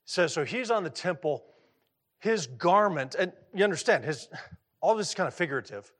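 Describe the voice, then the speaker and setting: A man's voice: high-pitched, lively intonation, normal speed. A middle-aged man preaching a sermon in a conversational way, asking his listeners questions and often repeating words as he restarts. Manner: conversational, asks the audience questions. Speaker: pastor.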